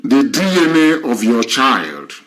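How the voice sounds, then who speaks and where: Man, host, lecturing, rhetorical questions, mid-pitched voice. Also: very animated, a little slow, fairly bright tone. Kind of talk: lecturing talk on a live stream.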